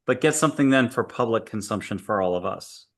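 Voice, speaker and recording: A man hosting a spiritual interview show, calmly and gently guiding his guest through an exercise. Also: fairly low pitch, fairly quick. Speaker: podcast host.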